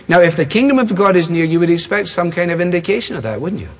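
A man's voice: high voice, expressive, fast talker, hardly any pauses. A man preaching a sermon with an emphatic, repetitive cadence. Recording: long hall reverb.

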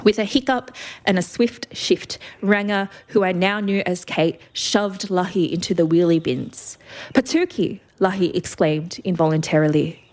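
A woman's voice: fairly low pitch, steady tone, normal speed, a little mellow. A woman reading a first-person story aloud with vivid expression.

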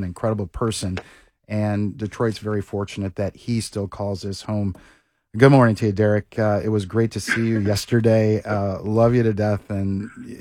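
Male talk host, low voice, admiring and loose, dry studio. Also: dry recording. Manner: warm, admiring, with fillers. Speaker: radio host. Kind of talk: radio talk show interview.

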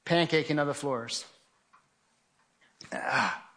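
Intense storytelling man, fairly high voice. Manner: intense, vivid retelling with acted shouts and quick bursts. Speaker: speaker giving a testimony talk. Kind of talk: dramatic storytelling to an audience.

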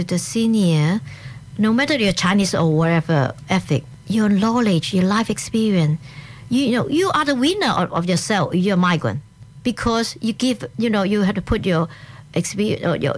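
A woman with a Hong Kong accent, a guest in a casual interview, talking in short animated bursts with frequent restarts. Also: medium pitch, normal speed.

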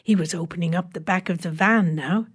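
A woman narrating a short story in a measured, wry storytelling voice. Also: lowish voice, slightly rough. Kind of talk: reading a short story aloud.

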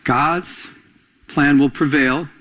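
A man's voice: fairly high pitch, steady tone, slow pace, a bit bright. A middle-aged man preaching a sermon, calling out questions to the congregation and building to emphatic points. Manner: call-and-response preaching, rising to emphatic climaxes. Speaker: pastor.

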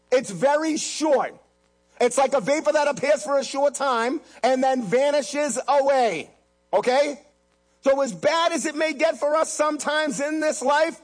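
A man preaching a sermon as pastor, emphatic, repeating key lines and mixing in jokes. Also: very high-pitched.

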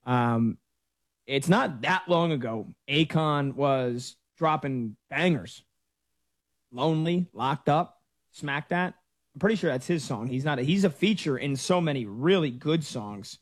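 A man in his thirties hosts a sports talk radio show with a loose, chatty storytelling style. His voice sits a little on the higher side and moves freely as he talks. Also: lively intonation, a little slow, no echo. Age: 30s.

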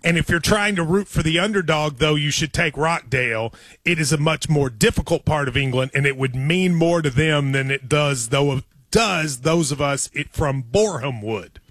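A man in his forties hosting a sports radio show, chatting in an excitable, storytelling way. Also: on the high side, moderate pace, no room sound. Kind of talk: casual sports radio chat. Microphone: studio microphone.

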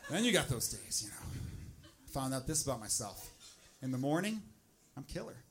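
A man in his thirties doing a stand-up comedy set on a club stage, with loud, animated punchlines and acted-out asides. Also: medium pitch, normal speed, noisy background.

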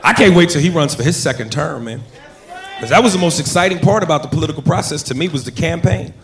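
Brash stand-up comic in a roomy club. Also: male voice, fairly high pitch, animated, quick pace, gravelly, a little hiss or hum. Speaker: stand-up comedian. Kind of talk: stand-up routine. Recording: roomy live club recording. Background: crowd.

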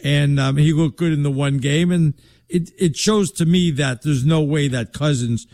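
A man's voice: fairly high pitch, moderate pace, a little mellow. A man from Connecticut hosting a sports talk show, arguing in a brash, emphatic and mocking way. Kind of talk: casual sports debate.

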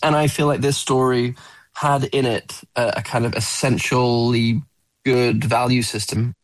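A man's voice: medium pitch, little pitch movement, measured pace, dry recording, low-quality recording. A man, a film actor, talking earnestly in a radio interview, often repeating words as he searches for them.

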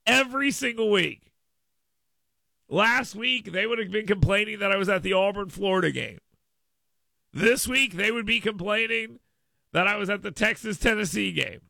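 A man's voice: high voice, vocal fry, pushed and bright, dry recording, studio quality. A man hosting a radio talk show, riffing emphatically with listeners in a casual monologue.

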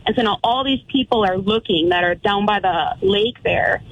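A woman in her thirties telling a frightening story as a caller, talking fast and acting out what people said. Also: medium pitch, breathy edge, no room sound, highs cut off. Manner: breathless retelling with quoted dialogue. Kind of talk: casual storytelling.

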